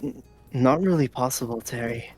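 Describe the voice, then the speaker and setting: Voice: mid-range voice, moderate pace, darkish tone, slightly rough, faint music behind, natural voice. Player voicing a shy, stumbling young man. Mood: flustered.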